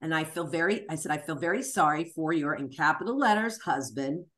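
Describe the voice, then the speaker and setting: Frank animated woman comic. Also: deep voice, a little fast. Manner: animated, acts out voices and screams in the retelling; swears freely, frank and emphatic. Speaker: stand-up comic telling a personal story. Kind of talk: storytelling interview.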